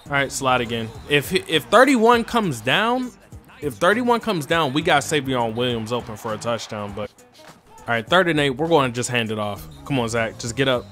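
A man with a bright, forceful voice runs casual commentary over his own football video game, one moment mumbling to himself and the next shouting at the screen. A faint bed of music plays underneath him. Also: moderate pace. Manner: talks to himself, swings from low muttering to excited yelling. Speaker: gaming channel host.

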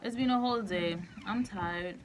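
A woman's voice: medium pitch, moderate pace, a loud crowd, low-quality recording. A young woman chatting casually in a vlog, laughing often and saying "literally" a lot. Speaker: vlogger.

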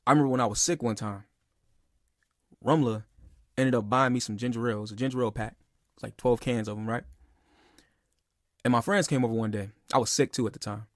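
A man's voice: mid-range voice, brisk, long pauses, no room sound, studio quality. A young man telling a personal story in a casual, rambling and heated way, with lots of "bro" and "like.". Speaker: podcast speaker.

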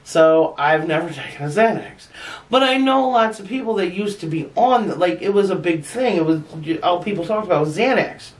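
A woman's voice: on the low side, animated, moderate pace, far from the mic. A woman vlogger spins a story to her viewers, laughing often and swearing without a filter. Her voice sits a little back from the mic. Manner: chatty and frank, laughing often, with blunt swearing. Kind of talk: casual storytelling to camera.

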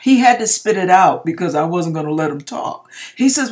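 A woman giving a personal faith testimony, telling her story in an emphatic, expressive way with churchy exclamations. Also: on the low side, normal speed. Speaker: hairdresser sharing a personal testimony.

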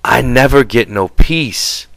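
A man voicing a weary, irritable working man who speaks gruffly and with exasperation. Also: mid-range voice, takes it slowly, fairly bright tone, no echo, low-quality recording. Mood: exasperated.

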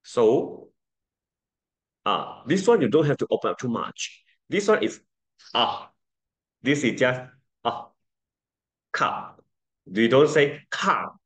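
Male classroom teacher, unhurried delivery, patient and repetitive, coaching vowel sounds. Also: medium pitch, very animated, a bit bright. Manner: slow, patient drilling, repeating sounds for students. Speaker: English pronunciation teacher. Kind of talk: classroom lesson.

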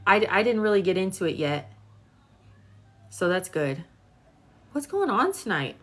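Her medium-pitched voice swings widely in pitch, sounds a bit bright, and moves a little slowly. A tarot reader in her twenties, she gives a casual live-stream reading, chatting to viewers and full of filler words.

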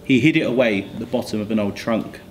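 A man on school staff reading a folk tale aloud, slowing on the refrain lines. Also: lowish voice, a little hiss or hum, rough recording. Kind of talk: storybook read-aloud.

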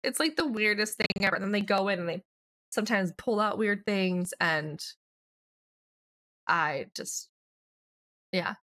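A young woman hosting a casual let's play, chatting through her game and voicing quick lines for her characters. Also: medium pitch, bright, forceful tone, dry recording. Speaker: gaming channel host.

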